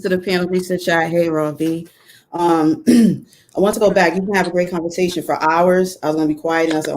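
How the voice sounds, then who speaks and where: Measured woman speaking on a call. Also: lowish voice, fairly even intonation, a little mellow, slight background noise, poor audio. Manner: measured, hesitant with fillers. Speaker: panelist. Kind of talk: casual call discussion.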